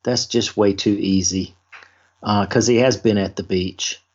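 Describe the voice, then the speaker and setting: A man's voice: on the low side, steady tone, a little slow. Lo-fi joking male podcast guest. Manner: joking, thinks aloud. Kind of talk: casual chat.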